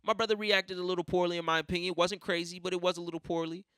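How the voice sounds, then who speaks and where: Young guy ranting on his podcast, raspy fry in his voice, swears a lot, really dry close sound. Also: high-pitched, level tone, racing, pushed and bright, dry recording. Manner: swearing, ranting, tells stories by acting out quoted voices. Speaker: podcast host. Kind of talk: casual monologue.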